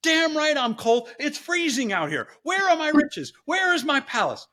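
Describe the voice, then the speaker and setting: A man's voice: very high voice, big pitch swings, normal speed, bright, forceful tone, voice pushed up, exaggerated voice. A man voicing a greedy, complaining stepdaughter from a fairy tale, in a raised, indignant voice.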